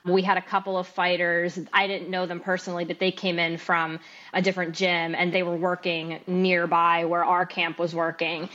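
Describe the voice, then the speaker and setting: A woman's voice: lowish voice, normal speed. Candid woman telling her boxing story. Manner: candid, animated retelling with laughs. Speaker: podcast guest, amateur boxer. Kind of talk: personal storytelling in an interview. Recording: slightly dull, lo-fi sound.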